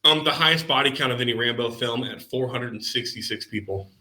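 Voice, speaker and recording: A man co-hosts a movie podcast in casual, enthusiastic chat, swearing now and then. He talks briskly in a mid-range voice, in an echoey room with background noise.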